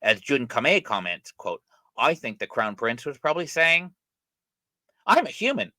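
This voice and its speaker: A man's voice: medium pitch, very animated, moderate pace, bright, forceful tone, no room sound, low-quality recording. A middle-aged man hosting a channel, giving casual spoken commentary on an article he is reading, rambling along with frequent fillers and self-corrections. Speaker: channel host discussing an article.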